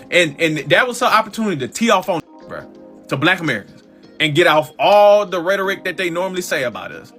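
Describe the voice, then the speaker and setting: A man's voice: sits high, very animated, brisk, a bit bright, soft background music. A man giving casual, profane reaction commentary in an exasperated tone. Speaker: commentary host.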